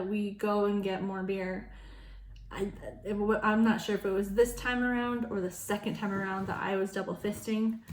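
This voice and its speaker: Frank, casual young woman in an echoey room. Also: a little hiss or hum. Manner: casual and frank, swears, laughs between lines; acts out quoted voices with sudden loud high bursts. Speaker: vlogger. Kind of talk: candid storytelling vlog.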